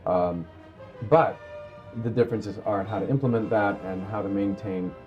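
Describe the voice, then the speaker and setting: A man in his thirties, an actor, speaking thoughtfully in an interview, pausing and restarting his phrases. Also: fairly low pitch, phone-quality sound, faint music behind. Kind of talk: sit-down interview.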